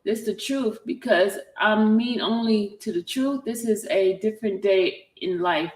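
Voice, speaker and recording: A woman's voice: mid-range voice, unhurried. A woman hosting a casual chat, reading out a text exchange and often breaking off with "hold on". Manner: chatty, animated, keeps breaking off with "hold on". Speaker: commentary channel host. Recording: roomy echo.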